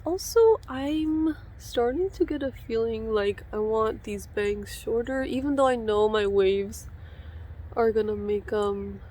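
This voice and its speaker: A young woman chatting casually and excitably as she cuts her own hair in a home vlog, sprinkling in "like" often. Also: a little high, takes it slowly. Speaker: beauty vlogger. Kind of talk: casual tutorial chat.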